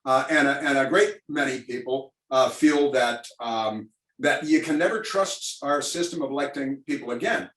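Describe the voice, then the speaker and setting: A man's voice: medium pitch, moderate pace, fairly bright tone, roomy sound, far from the mic, rough recording. A man hosting a virtual call-in talk show, rambling and wry in his answers. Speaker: radio talk host.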